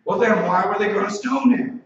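A fairly high-voiced man preaching in a very echoey space, heard from a distance through a dull, lo-fi recording. He drives his points home with rhetorical questions and stretches out the words that matter most. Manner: emphatic, asks rhetorical questions; slows down for scripture and key points. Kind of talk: sermon. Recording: very echoey room, distant mic, dull lo-fi sound.

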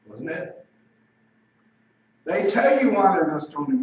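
A man preaching a sermon, pressing his point with rhetorical questions and slowing down for scripture and key lines. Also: sits high, animated. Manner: emphatic, asks rhetorical questions. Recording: very echoey room, distant mic, dull lo-fi sound.

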